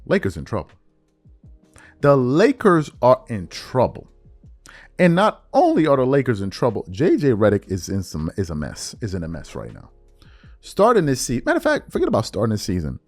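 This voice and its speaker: A man's voice: mid-range voice, normal speed, faint music behind. A man hosting a podcast, delivering a heated, confrontational sports commentary rant and calling his listeners out. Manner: animated, confrontational, mocking, calls listeners out. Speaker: podcast host.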